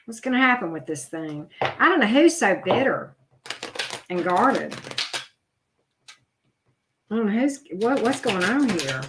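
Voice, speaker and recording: A middle-aged woman with a drawl runs a live tarot reading, chatty and blunt, and talks straight to the people watching. Her pitch sits in the middle range, and a faint hiss runs under the camera audio. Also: big pitch swings, a little slow, long pauses. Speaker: tarot reader. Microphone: video camera.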